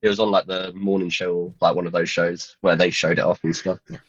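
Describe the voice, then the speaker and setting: A man's voice: low voice, flat delivery, brisk, dry recording. A man co-hosting a casual podcast chat, laid-back, with short replies and chuckles. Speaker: podcast co-host. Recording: dull, dry lo-fi mic.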